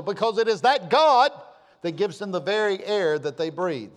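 A man's voice: high-pitched, lively intonation, normal speed. A man preaching a sermon, emphatic and fond of repeating his key phrases. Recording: long hall reverb.

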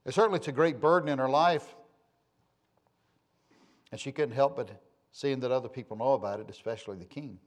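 A man preaching a sermon, shifting between loud, emphatic passages and quiet, low asides, with a folksy storytelling manner. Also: brisk, long pauses. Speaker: pastor.

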